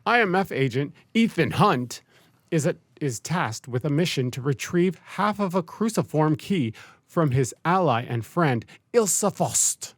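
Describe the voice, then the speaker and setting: A man's voice: a little high, animated, a little slow, no room sound, clean studio sound. A man co-hosting a podcast, steadily reading out a movie's plot between casual remarks. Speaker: podcast co-host.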